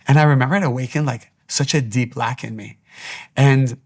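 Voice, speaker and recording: Guy with a gravelly voice preaching spiritual stuff, earnest, keeps repeating himself. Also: medium pitch, normal speed, a little mellow. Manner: earnest, repetitive exhortation. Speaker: spiritual teacher. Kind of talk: spiritual teaching talk.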